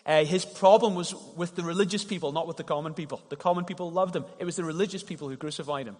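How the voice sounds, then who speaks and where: Male pastor, slightly high voice, conversational sermon with story illustrations, recorded in a reverberant church hall. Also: quick pace, a little mellow. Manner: conversational storytelling, repeats words when starting a thought.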